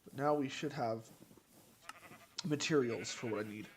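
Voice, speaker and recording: A man's voice: medium pitch, moderate pace. A man streaming a game, rambling to himself as he plays and trailing off mid-word. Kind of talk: casual gameplay commentary. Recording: noisy game stream audio.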